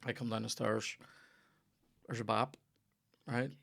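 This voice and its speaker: A man's voice: on the low side, flat delivery, measured pace, vocal fry, fairly bright tone. A man with a Northern Irish accent hosting a casual comedy podcast, telling rambling, sweary anecdotes. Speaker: podcast host.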